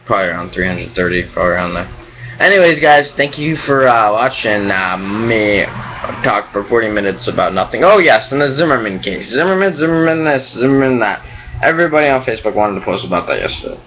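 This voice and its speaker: Low-voiced young man ranting profanely. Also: animated, a little fast, fairly bright tone, highs cut off, a little hiss or hum. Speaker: vlogger. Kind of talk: casual rambling vlog.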